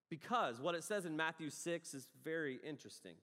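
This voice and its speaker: A man in his forties preaches with lively storytelling, jumping from loud outbursts to hushed asides. His fairly high voice rings out through a large hall with a long, trailing reverb. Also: a little fast. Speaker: pastor. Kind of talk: sermon.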